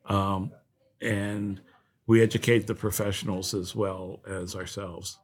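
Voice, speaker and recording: Halting, heartfelt low-voiced man. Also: flat delivery, breathy edge. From Ohio. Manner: heartfelt, halting, many fillers. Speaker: nonprofit president, guest. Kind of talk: casual interview chat.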